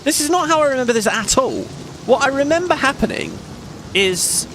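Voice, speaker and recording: A man's voice: very high-pitched, sing-song, fairly quick, fairly bright tone, a little hiss or hum. Chatty, rambling let's play host man. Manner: chatty and rambling, thinks aloud, laughs often. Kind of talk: casual gameplay commentary.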